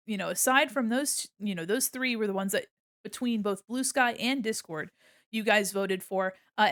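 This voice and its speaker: Woman streamer, bubbly and giggly, higher voice, chatty ramble, dry sound. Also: a bit bright, dry recording. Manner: bubbly and giggly, with gushing greetings; rambling, with many fillers and restarts. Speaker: streamer and illustrator. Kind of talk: casual livestream chat while drawing.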